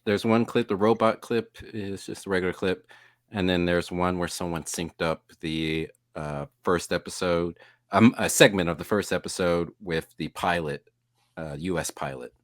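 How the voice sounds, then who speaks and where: Deep-voiced man co-hosting a chat. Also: fairly even intonation, normal speed, no echo, clean studio sound. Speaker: co-host. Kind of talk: casual chat.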